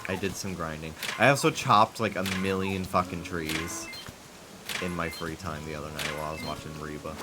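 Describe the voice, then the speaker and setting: Man, game streamer, casual chat, profane, rambling, laughing, lowish voice, bright forceful tone. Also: expressive, moderate pace, soft background music.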